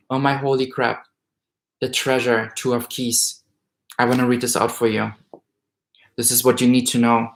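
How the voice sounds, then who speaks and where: A man doing a weekly tarot reading, reading card meanings aloud and growing emotional and excited as he goes. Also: medium pitch, slight background noise. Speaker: tarot reader. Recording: roomy echo.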